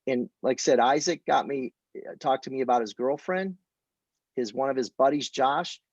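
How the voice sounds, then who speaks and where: This lo-fi, echo-free clip features a man of medium pitch speaking at a moderate pace. His casual training talk teaches listeners how to present a business opportunity, using storytelling and acted-out dialogue.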